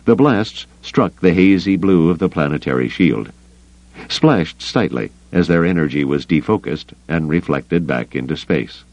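A man narrating an audiobook in a steady, even storytelling manner. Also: low-pitched, unhurried, no room sound, lo-fi sound. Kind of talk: scripted narration.

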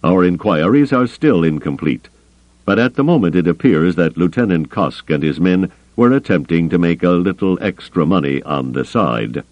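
A man voicing a cold, calculating alien admiral in a calm, measured, dry manner, on a slightly muffled recording. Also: deep voice, dry recording. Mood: cool.

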